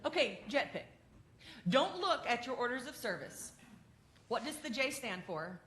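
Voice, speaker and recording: A woman minister giving an animated, heartfelt address to her congregation and quizzing them along the way. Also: a little high, a little slow, pauses often. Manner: animated, quizzes the congregation, grows tender and emotional. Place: church sanctuary. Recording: echoey sanctuary.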